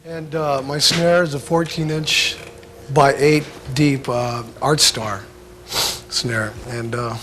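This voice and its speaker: A man giving a casual drum lesson, talking in a laid-back, halting way full of filler sounds. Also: mid-range voice, steady tone, very noisy. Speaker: drum instructor. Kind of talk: casual instructional talk.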